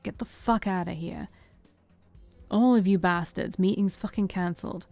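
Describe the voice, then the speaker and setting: Woman playing a vampire gang boss for a game read: booming, blunt, profane, warm low tone. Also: steady tone, fast, dry recording, soft background music, close to an everyday voice. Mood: angry. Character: gruff male vampire gang boss, commanding.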